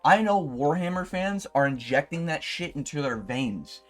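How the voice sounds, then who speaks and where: A man's voice: a little high, expressive, moderate pace, soft background music. Profane young man ranting, exasperated. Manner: profane, exasperated ranting with sudden loud outbursts. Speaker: YouTuber. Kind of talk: ranting commentary video.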